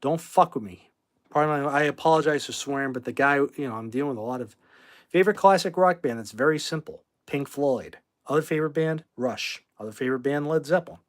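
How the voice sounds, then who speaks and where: Rambling man hosting a livestream. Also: medium pitch. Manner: rambling, flares up angrily at chat commenters, swears. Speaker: livestream host. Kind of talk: casual livestream chat. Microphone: phone.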